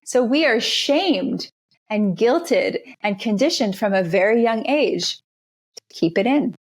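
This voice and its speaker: A woman talking as a podcast guest in a relaxed interview, stressing her points by repeating phrases. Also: fairly high pitch, slow pace. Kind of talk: conversational interview.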